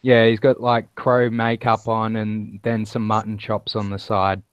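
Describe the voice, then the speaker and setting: Man with a flat, smooth voice over lo-fi call audio. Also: on the low side, measured pace, dry recording. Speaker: guest on a group video call. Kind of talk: casual chat.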